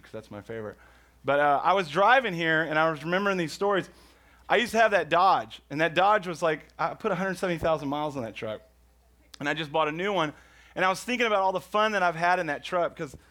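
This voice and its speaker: A man's voice: on the high side, a bit bright. A man from Houston, doing rambling, self-mocking stand-up storytelling. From Houston, Texas. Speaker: stand-up comedian.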